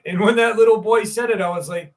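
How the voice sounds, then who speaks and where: A man's voice: high-pitched, fairly even intonation, fast talker, recorded from a distance. A man hosting a live stream, rambling casually, swearing freely and greeting viewers in the chat. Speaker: livestream host.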